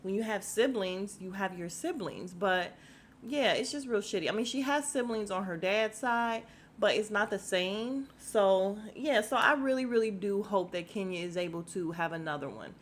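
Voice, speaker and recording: A woman's voice: mid-range voice, normal speed, slight background noise. A woman hosting a casual podcast recap of a reality show. She talks straight to her listeners, laughs often and speaks bluntly, with some swearing. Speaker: podcast host.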